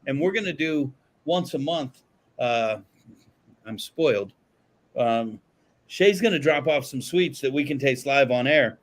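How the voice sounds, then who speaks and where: A man co-hosting a podcast in casual chat, joking and excitable, swearing freely. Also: medium pitch, a little slow. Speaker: podcast co-host. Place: podcast studio.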